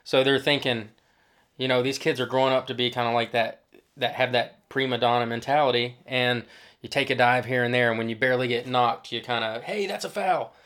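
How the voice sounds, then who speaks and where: A man, a former professional player co-hosting a soccer show, explaining in casual chat with halting restarts. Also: mid-range voice, level tone, fairly bright tone, smooth.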